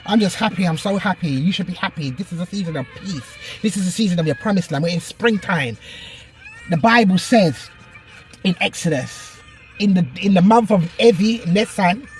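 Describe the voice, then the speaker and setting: A woman, preaching encouragement in an impassioned vlog. She talks emphatically and excitably, repeating her words as she records on a phone while out and about. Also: on the low side, brisk, faint music behind. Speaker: online preacher. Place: out and about, in a shop and a car.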